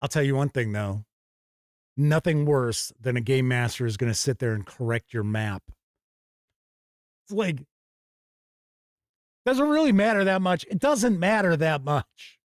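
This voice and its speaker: A man's voice: medium pitch, big pitch swings, unhurried, pauses often. A man hosts a live stream in a loose, conversational way. He reads viewer comments aloud and answers them on the spot. His voice sits in a middle register and sounds close and dry, with no room echo. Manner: chatty, reads out chat comments and responds off the cuff. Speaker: host reading viewer chat. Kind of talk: casual livestream chat.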